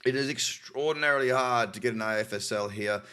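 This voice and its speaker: An Australian man hosts a news roundup in a casual, talkative way. His voice sits at an ordinary middle pitch, and he breaks off from reading to add wry, cynical comments. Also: brisk, sharp tone, smooth. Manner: cynical, chatty asides while reading articles. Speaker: crypto news host.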